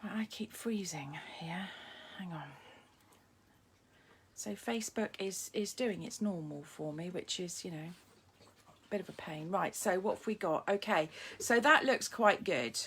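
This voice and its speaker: A woman hosting a live papercraft demonstration from her home craft desk, chatty and eager, greeting viewers by name and filling pauses with ums and restarts, recorded on a streaming camera. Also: fairly low pitch, vocal fry, a bit bright, slight background noise. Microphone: phone or camera streaming live.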